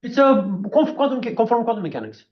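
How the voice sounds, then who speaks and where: A man giving a physics seminar talk, animated and full of fillers like "you know". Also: very high voice, brisk. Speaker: physics speaker. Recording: echoey room, dull lo-fi sound.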